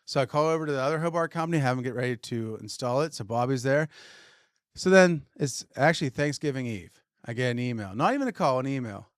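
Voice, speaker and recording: Recorded in echo-free studio quality, a fast-talking man with a mid-range voice, a retailer who co-hosts a podcast, animatedly recounts a story and acts out what people told him.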